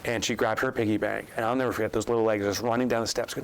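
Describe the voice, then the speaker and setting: Man, guest storyteller, animated, voices the people he quotes, mid pitch. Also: racing, low-quality recording. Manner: animated storyteller acting out quotes, rising sharply when incredulous. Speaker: guest, author and business coach. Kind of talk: storytelling in a podcast interview.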